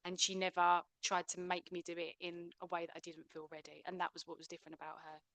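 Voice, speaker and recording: A woman's voice: lowish voice, monotone, fast talker, fairly bright tone, dry recording. Earnest woman sharing her story, dry sound. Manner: earnest, reflective. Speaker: abuse survivor speaker. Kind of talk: personal testimony.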